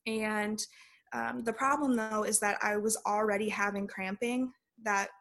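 A young adult woman talks through a personal story as a guest on a podcast. Her voice sits at an ordinary height and stays flat, with little rise or fall. She speaks casually and leans on "like" as a filler. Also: mid-range voice, a little slow, gravelly.

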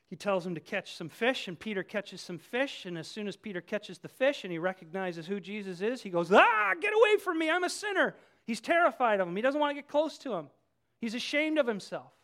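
A pastor preaching a sermon, telling the story with animated swings from hushed to loud. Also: mid-range voice, brisk.

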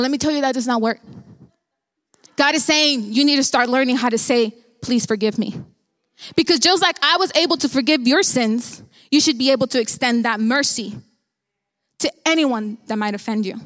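Young woman vlogging a story, acts out the lines, bright voice, echoey room. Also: high voice. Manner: animated, acts out quoted dialogue. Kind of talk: casual storytelling to viewers.

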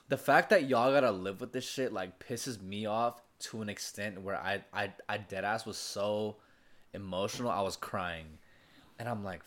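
A young man telling a story in a casual podcast chat. He is animated and swears a lot. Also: on the low side, normal speed. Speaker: podcast co-host.

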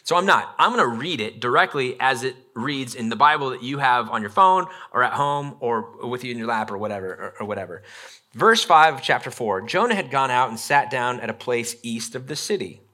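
Bright-voiced male pastor preaching. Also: mid-range voice, expressive, a little fast. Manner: conversational preaching, acts out Bible figures and a parent; reads scripture aloud with emphasis. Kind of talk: sermon.

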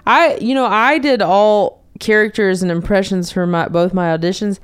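A woman's voice: mid-range voice, fairly even intonation, moderate pace, smooth, dry recording. A woman in her thirties from North Carolina, a comedian guest talking casually on a podcast, chatty with lots of fillers and restarts. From North Carolina, USA. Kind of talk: casual conversation. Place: indoor home studio room.

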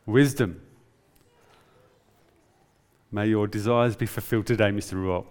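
Aussie guy preaching casually in a big echoey church, lively delivery. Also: fairly low pitch, a little fast. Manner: conversational, animated preaching. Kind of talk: sermon. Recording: reverberant church hall.

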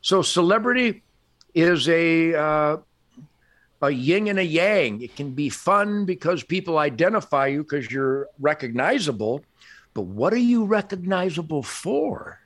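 A man's voice: a little high, expressive, unhurried, fairly bright tone. An older man, a podcast guest, telling stories in an emphatic, boastful way and laughing often. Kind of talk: animated storytelling in conversation.

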